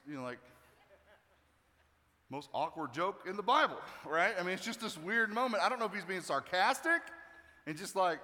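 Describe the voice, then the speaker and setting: Pastor guy preaching, high bright voice, kinda jokey, big hall echo. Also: animated, brisk. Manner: conversational and joking, acting out quotes. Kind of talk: sermon. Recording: long hall reverb.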